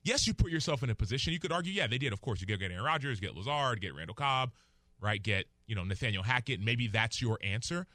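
A man in his thirties, a football analyst, giving lively, playful sports talk on radio. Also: mid-range voice, quick pace, no echo, studio quality. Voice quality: animated, playful, breaks into a mock accent and laughs. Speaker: NFL analyst guest.

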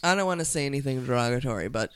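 A woman's voice: rumbling low, expressive, racing, fairly bright tone, clear, resonant tone. A woman co-hosting a casual chat who talks in a playful, giggly way and mimics voices. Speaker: podcast co-host.

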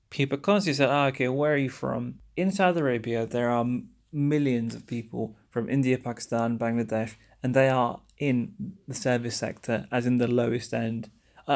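A young man from England talks casually on his podcast. He is wry and chatty, and he slips into quoted exchanges as he goes. His voice sits at an ordinary middle pitch. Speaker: podcast host. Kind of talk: casual monologue.

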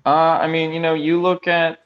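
A man's voice: fairly high pitch, completely flat delivery, moderate pace, highs cut off, close to an everyday voice. A man playing an upbeat male football coach candidate, speaking casually with many fillers. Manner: casual, lots of "you know". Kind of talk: comedic mock job interview.

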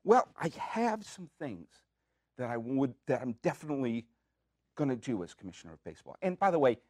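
A man hosts a podcast from the studio, giving an animated, jokey comedic monologue full of playful rants and questions he puts to himself. His mid-range voice moves a little fast, and the recording is studio quality with no room sound.

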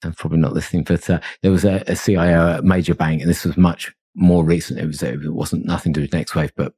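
Brief: middle-aged male guest, deep husky voice, reflective and meandering. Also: steady tone, fast, mellow. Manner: reflective, rambling with fillers and chuckles. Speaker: consultancy founder, podcast guest. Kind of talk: conversational interview.

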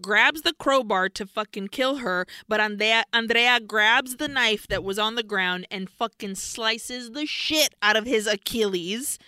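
A woman co-hosting a podcast, recapping a horror film in a profane, animated, casual way. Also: fairly high pitch, unhurried, few pauses, clear, resonant tone, no echo. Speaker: podcast co-host.

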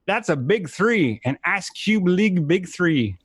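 A man's voice: sits high, expressive, measured pace, husky, dry recording, studio quality. A man guesting on a podcast, reading jokes aloud and laughing through his lines while mocking himself. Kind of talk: casual chat, reading jokes.

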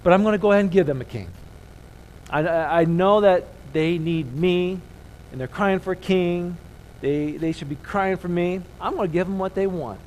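God speaks as a patient but unbending heavenly father , voiced by a man. The voice sits a little high and stays plain and conversational. A faint hum of background noise runs under it. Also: normal speed, a little mellow, natural voice, low-quality recording. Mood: firm. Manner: paraphrased, plain conversational speech.

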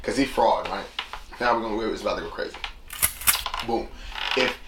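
A man's voice: lowish voice, normal speed. A man hosting a casual solo talk show, rambling in slang and acting out little quotes. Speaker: podcast host. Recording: echoey room with steady noise.

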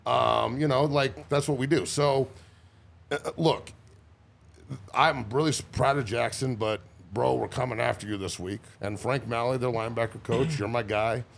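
Man, 40s, former player as podcast guest; rough gravelly voice, brash and profane. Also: mid-range voice, fairly even intonation, normal speed. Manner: profane, boisterous storytelling with frequent laughs. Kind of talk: casual chat.

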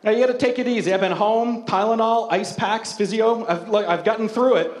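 A man's voice: high voice, a little fast, roomy sound. A man preaching a sermon as the pastor, telling a self-mocking story in a casual, humorous, conversational way.

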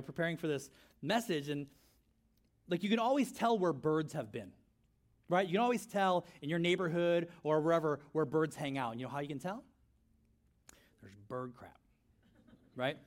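Animated preacher man, higher voice. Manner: animated, rhetorical questions, repeats phrases. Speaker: pastor. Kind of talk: sermon.

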